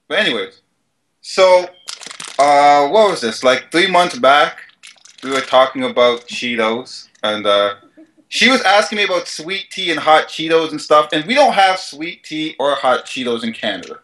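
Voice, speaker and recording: A man's voice: on the high side, animated, normal speed, fairly bright tone, slight background noise, poor audio. Easygoing guy telling a casual story, faint clicks behind. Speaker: friend doing a food challenge.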